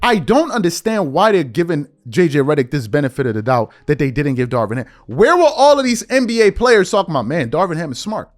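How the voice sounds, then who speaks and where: Fired-up man ranting, lively pitch. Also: fairly quick, hardly any pauses, faint music behind. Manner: animated and confrontational, calling out listeners with rhetorical questions; mocks others by mimicking their speech. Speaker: podcast host. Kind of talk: heated commentary monologue.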